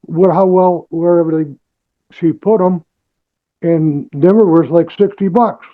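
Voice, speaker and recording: A man defending himself at a court hearing, defiant and halting, full of restarts. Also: fairly high pitch, fairly even intonation, phone-quality sound. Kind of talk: testifying in court.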